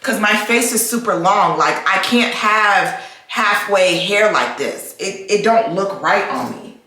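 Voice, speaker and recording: A woman's voice: mid-range voice, a little slow. Ranting woman in an echoey room. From United States. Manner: expressive, swearing, repetitive ranting. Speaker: vlogger. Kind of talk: casual vlog rant. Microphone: camera mic.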